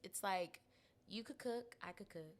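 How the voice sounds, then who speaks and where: A woman's voice: medium pitch, measured pace. A young woman co-hosting a podcast in casual chat, blunt and slangy, laughing often. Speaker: podcast co-host.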